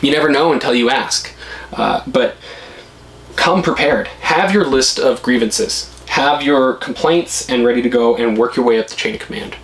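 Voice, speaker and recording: Blunt animated man giving advice. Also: normal speed, poor audio. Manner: blunt and animated, pitch jumps when worked up. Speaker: vlogger. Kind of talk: casual advice to camera.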